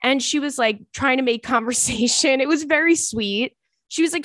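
A woman tells a story in casual chat, with a voice on the higher side. She jumps into the voices of the people she describes. The sound is close and dry. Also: moderate pace, no echo. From Long Island, New York. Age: 30s. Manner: animated, acts out voices in anecdotes. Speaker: podcast host.

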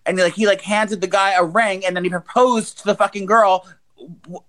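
A man's voice: high-pitched, steady tone, moderate pace, fairly bright tone. A man in his forties co-hosting a podcast, telling crude stories in casual, profane, rambling chat. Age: 40s. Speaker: podcast co-host.

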